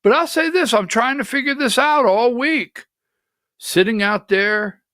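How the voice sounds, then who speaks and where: A man's voice: high voice, fairly bright tone, no room sound, clean studio sound. A man hosting a political livestream, talking bluntly and skeptically in rambling asides. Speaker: political talk show host. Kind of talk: opinionated livestream commentary.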